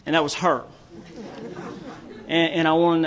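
A middle-aged man from Tennessee speaks at a recovery meeting, spinning stories and jokes in a loose, rambling way. His voice sits high for a man, and he stumbles over and repeats his words as he goes. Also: level tone, unhurried, a bit bright, some chatter behind. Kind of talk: storytelling talk with jokes.

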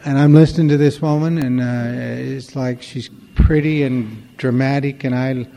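Gravelly man telling recovery stories. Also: medium pitch, steady tone, moderate pace, warm tone, big-room sound, slight background noise. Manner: conversational, acts out dialogue, wry humor. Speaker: recovery meeting speaker. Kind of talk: storytelling talk to a recovery meeting.

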